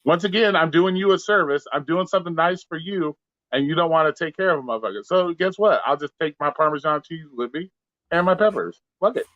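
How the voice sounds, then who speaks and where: A man's voice: on the high side, animated, brisk, a bit bright, no room sound, muffled recording. A man, a delivery driver, telling stories in casual live-stream chat, blunt and profane, acting out both sides of arguments. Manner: profane, blunt storytelling with quoted back-and-forth. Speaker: gig delivery driver, co-host.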